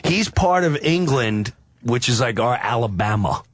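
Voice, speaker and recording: A man telling a loud, profane story on a radio show, acting out quotes in bursts. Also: medium pitch, lively intonation, unhurried, no echo. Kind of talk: casual radio chat, storytelling.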